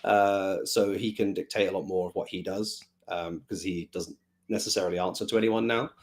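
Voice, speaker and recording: A man answering fan questions in a relaxed, rambling way, with many fillers as he thinks aloud. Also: sits low, normal speed. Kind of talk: casual Q&A chat.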